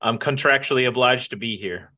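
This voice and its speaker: A man's voice: mid-range voice, a little fast, bright, forceful tone, natural voice. A man playing a grumpy, self-important guest who grumbles dryly. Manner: dry, grumbling, reluctant.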